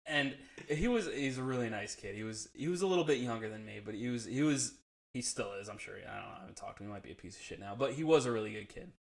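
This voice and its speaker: A man's voice: medium pitch, lively intonation, quick pace, gravelly. A man telling a profane, laugh-filled story in a casual chat, acting out the people he quotes. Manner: profane, laughs often, acts out quoted friends.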